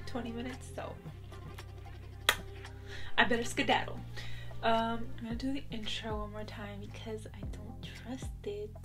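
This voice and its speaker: A young woman chatting casually to camera in her bedroom, rambling and giggling between asides. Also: mid-range voice. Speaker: vlogger. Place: bedroom at home. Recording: music playing in the background.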